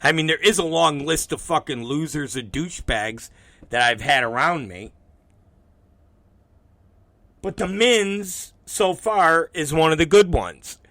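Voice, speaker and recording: A man's voice: fairly high pitch, lively intonation, normal speed, sharp tone, dry recording. A man hosting his own show, talking casually and swearing often while acting out both sides of conversations he has had. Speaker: podcast host. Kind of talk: casual profane monologue.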